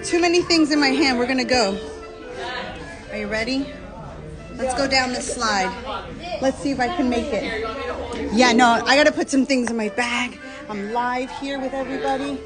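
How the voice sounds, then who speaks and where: A woman giving an excited live room tour on a cruise ship, filmed on a handheld phone and out of breath at times. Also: sits high, moderate pace, long pauses, loud music behind the voice, a loud crowd. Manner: excited, gasping and laughing. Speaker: cruise vlogger. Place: cruise ship cabin, indoors.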